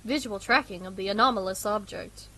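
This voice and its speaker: A woman's voice: mid-range voice, brisk, bright, forceful tone, slight background noise. A young woman streaming a horror game. She reads the on-screen text aloud and rambles in a casual, self-deprecating way while eating dinner.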